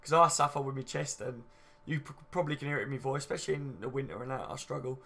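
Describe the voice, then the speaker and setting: Speaking fast at a medium pitch, this man has vocal fry and a bright, forceful tone. In his late twenties, he hosts a casual fan-channel livestream, reading viewer comments in a chatty, matey style, swearing casually and saying "you know what I mean" over and over.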